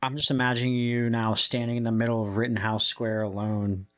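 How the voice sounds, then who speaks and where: A young man of middle pitch hosts a casual podcast. He laughs often and keeps the banter playful. He drops into goofy mock voices for his jokes. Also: little pitch movement, a little fast. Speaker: podcast host.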